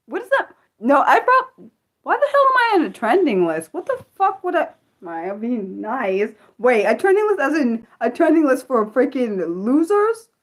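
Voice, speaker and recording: A woman hosting an unscripted livestream, reading her chat aloud and venting with frequent swearing. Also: on the high side. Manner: reads and answers chat aloud. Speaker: livestream host.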